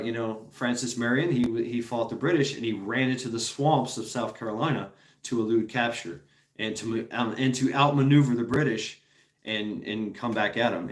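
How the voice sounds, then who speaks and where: A man chats loosely with his viewers, drifting from point to point and dropping curse words as he goes. He laughs between thoughts, and his voice is neither high nor low. The recording picks up a noticeable room echo around him. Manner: rambling, profane, laughs often. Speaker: streamer host. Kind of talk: casual chat with viewers.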